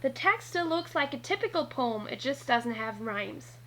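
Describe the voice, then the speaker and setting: A woman narrating a scripted lesson, talking slowly and deliberately and spelling out letters one by one. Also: high voice, expressive, pushed and bright, a little hiss or hum, rough recording. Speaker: teacher.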